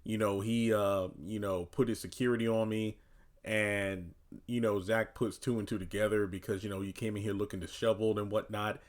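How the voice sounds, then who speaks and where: A man's voice: fairly low pitch, normal speed. Chatty man doing TV show commentary. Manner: chatty, loose, with frequent "you know" and "uh"; animated voicing of quoted characters. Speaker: TV recap commentator. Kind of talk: casual commentary.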